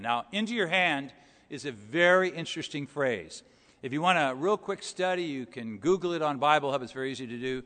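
A man's voice: fairly high pitch, animated, moderate pace, pushed and bright. Conversational male preacher in a reverberant hall. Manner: expository, conversational, rhetorical questions. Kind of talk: sermon.

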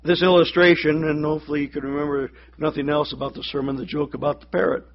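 A man's voice: fairly high pitch, level tone, quick pace, highs cut off, a little hiss or hum. A man preaching a sermon, telling a joke and doing the voices of the people in it. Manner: storytelling, acts out voices in the joke. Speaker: pastor.

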